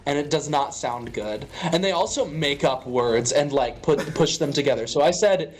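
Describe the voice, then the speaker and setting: At a moderate pace and fairly high pitch, a young adult man from Western Pennsylvania streams, rambling and joking through casual chat with lots of fillers.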